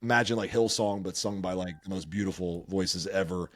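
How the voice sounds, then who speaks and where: A podcast host with a low voice talks briskly, sharing personal stories in casual conversation. He comes across as earnest and emotional, restarting his sentences often.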